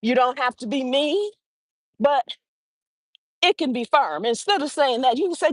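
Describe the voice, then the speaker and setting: A woman talks into her phone while out on a morning walk, giving motivation to her viewers. Her voice is high, swoops up and down, and she takes her time. She acts out short everyday exchanges as she talks, and the sound stays dry and close. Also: measured pace, pauses often, no echo, low-quality recording. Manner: animated, acts out little dialogues. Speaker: livestream host. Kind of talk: motivational walking talk. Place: outdoors on a walk.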